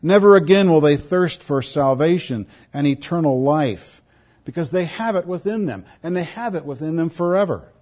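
Pastor, male, emphatic sermon delivery with repetition, a touch high-pitched, dull lo-fi recording. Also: lively intonation, normal speed, a little mellow. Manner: emphatic, repeats words for stress.

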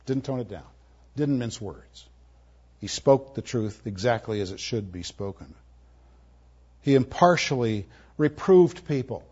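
A man preaching a sermon, moving between emphatic, forceful lines and soft, tender ones. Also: mid-range voice, expressive, a little slow, pauses often, breathy edge. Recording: muffled, lo-fi audio.

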